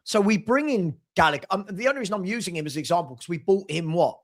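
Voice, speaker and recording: A man's voice: high voice, lively intonation, quick pace. A man hosting a casual football chat stream, arguing his points emphatically with rhetorical questions. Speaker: podcast host.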